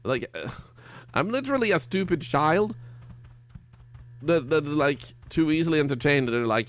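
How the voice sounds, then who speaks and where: A man's voice: a little high, lively intonation, moderate pace, long pauses. Rambling, self-mocking male game streamer. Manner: rambling and self-mocking, stammers and restarts, jokey asides. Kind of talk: casual livestream commentary while playing.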